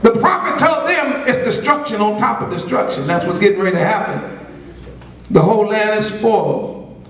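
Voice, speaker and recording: A man preaching a sermon, calling out to the congregation and rising into shouts. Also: high-pitched, lively intonation, normal speed, long pauses, recorded from a distance, slight background noise. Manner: call-and-response preaching, swells to shouts. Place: congregation room. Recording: echoey room from off mic.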